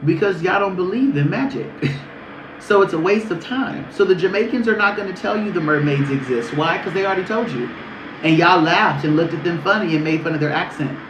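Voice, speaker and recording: A man doing a casual spiritual reading on a livestream, talking in a sassy, profane, animated way. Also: high voice, a little fast, background noise. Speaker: spiritual reader. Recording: echoey room.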